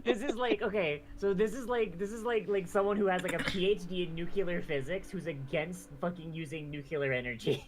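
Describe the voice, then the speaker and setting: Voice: mid-range voice, brisk, few pauses, a crowd in the background. A tabletop game player who rambles, repeats filler words and laughs at their own jokes. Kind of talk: casual tabletop game banter.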